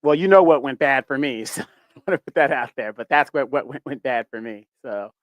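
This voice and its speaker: Male host, relaxed and hesitant, mid pitch, dry close sound. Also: a little fast, no room sound. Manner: relaxed, hesitant, many fillers. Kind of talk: casual chat.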